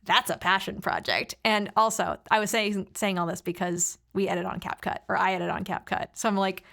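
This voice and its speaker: A woman's voice: mid-range voice, steady tone, brisk, creaky, a bit bright. A woman guesting on a podcast, chatting casually and rambling a little as she tells stories. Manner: chatty, rambling with fillers and laughs. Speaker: podcast guest, actor and filmmaker. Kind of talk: casual chat.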